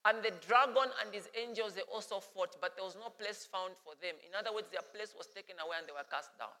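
A man preaching a sermon as pastor, animated and playful. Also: sits high, fast, big-room sound.

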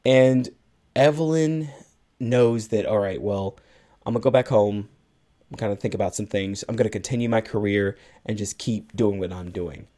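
A man's voice: fairly low pitch, moderate pace, mellow. A man co-hosting a podcast, retelling a film's plot at length and acting out bits of its dialogue in casual chat. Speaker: podcast co-host. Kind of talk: casual movie recap chat.

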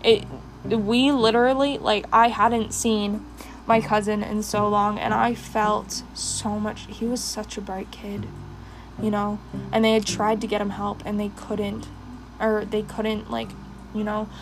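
A woman's voice: mid-range voice, flat delivery, unhurried, background noise. A young woman hosting a personal podcast, talking with passion and rambling with many fillers while doing her makeup. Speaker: podcast host.

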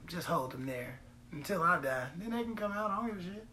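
A man's voice: high voice, lively intonation, normal speed, pushed and bright, faint music behind. A man hosting a podcast in casual comedic chat, profane and boisterous, laughing often, tired late at night. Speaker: podcast host.

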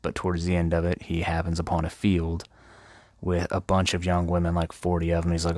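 A man's voice: low-pitched, monotone, fairly quick. A man retelling classic literature as crude comedy, profane and slangy. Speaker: host.

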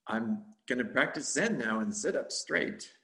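Gravelly-voiced man giving a rambling dharma talk. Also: mid-range voice, expressive, unhurried, sharp tone. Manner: rambling, chuckling, conversational. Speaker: meditation teacher.

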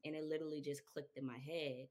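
A young adult woman, a children's book author, telling her story in an interview, lively and laughing often. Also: low-pitched, fast talker. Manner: animated, laughs often, acts out quotes.

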